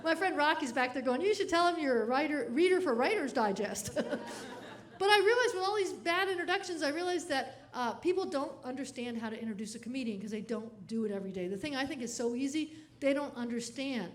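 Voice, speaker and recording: A woman comedian delivers a keynote full of funny stories, laughing often as she goes. Her voice sits high and she tells each story in an animated way. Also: a little fast.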